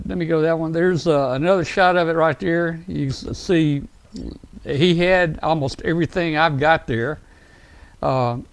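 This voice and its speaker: Male show host; excitable, rambling, slightly high pitch. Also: no echo. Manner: rambling, excitable, many fillers and restarts. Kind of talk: casual live-show talk.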